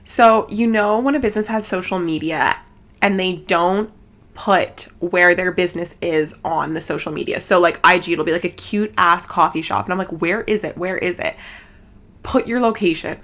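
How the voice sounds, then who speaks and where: A woman from Canada hosting a casual chat podcast at home, giggly and rambling, talking fast with lots of fillers. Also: fairly low pitch, a bit bright. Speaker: podcast host. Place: home setup, seated cross-legged.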